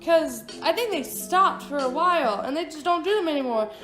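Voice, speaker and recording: Over a speedpaint, a woman around twenty shares a loose, meandering storytime as a vlogger, full of cursing and throwaway comments. She speaks fairly quickly in a high, expressive voice, with background music and room echo.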